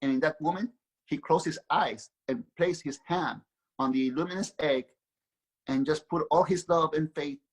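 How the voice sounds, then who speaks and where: A man's voice: a little high, moderate pace, husky, poor audio. A man, an author and guest, telling a spiritual story earnestly and repeating words as he builds his thoughts.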